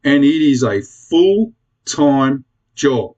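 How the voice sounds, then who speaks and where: A man's voice: mid-range voice, sing-song, drawn-out words, darkish tone, dull audio. An Australian man ranting bluntly to camera in a casual vlog, swearing freely and pleading with his viewers. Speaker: prepper vlogger.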